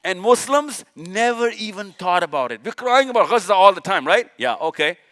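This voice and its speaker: A Pakistani man's voice sits high and a bit bright, with lively intonation and normal pacing. Addressing a live audience, he gives a fervent religious talk full of rhetorical questions and emphatic repetition.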